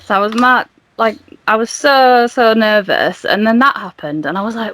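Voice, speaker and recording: Laughing as she goes, a young podcast guest acts out the dialogue while casually and animatedly retelling a story. Her voice is a little high and her pace moderate.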